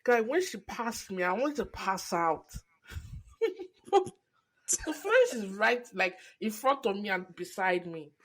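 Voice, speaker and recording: A woman's voice: mid-range voice, big pitch swings, takes it slowly, a bit bright. A woman in her twenties, co-hosting a podcast, telling a story in casual chat and laughing often. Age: 20s. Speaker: podcast co-host.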